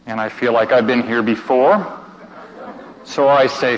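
A man preaching a sermon as a dramatic story, speaking emotively, by turns hushed and shouted. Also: mid-range voice, a little slow, long pauses, background noise. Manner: emotive, theatrical, with hushed passages and shouted outbursts. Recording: dull sound with long hall reverb.

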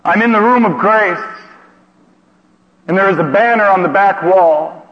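Theatrical preacher in an echoing hall. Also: male voice, high-pitched, unhurried. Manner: emotive, theatrical, with hushed passages and shouted outbursts. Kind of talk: dramatic storytelling sermon. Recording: dull sound with long hall reverb.

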